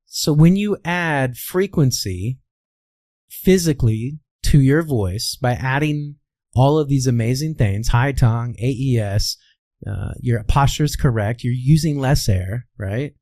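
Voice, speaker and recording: A man's voice: medium pitch, animated, unhurried, darkish tone, dry recording. A man from the American Midwest, a voice coach, explaining as an interview guest in a teacherly way, asking rhetorical questions and answering them himself. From Midwestern United States.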